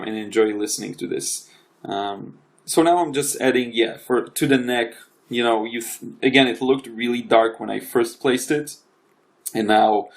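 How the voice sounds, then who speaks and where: A young adult man casually narrating his own painting session as a voice-over, halting and often restarting his sentences. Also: medium pitch. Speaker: watercolor artist and channel host.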